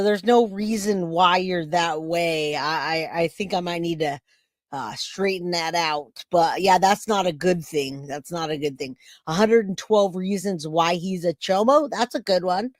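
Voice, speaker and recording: Her voice on the low side and her pace measured, a woman in her forties runs a casual live reaction stream. She's chatty and jokey, bantering with viewers and reading their chat comments aloud, in clean studio sound without echo.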